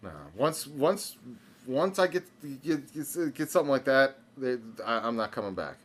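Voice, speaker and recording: On a podcast, a young male co-host tells a story casually at normal speed in a medium-pitched voice. He rambles, stammering and restarting often.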